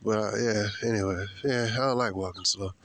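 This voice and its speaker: A man vlogging outdoors, talking in a slangy, emphatic and preachy way while walking fast and breathing hard. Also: fairly low pitch, fairly even intonation, a little hiss or hum. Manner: slangy, emphatic, repeats points. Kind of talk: casual preachy monologue. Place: outdoors on a walk.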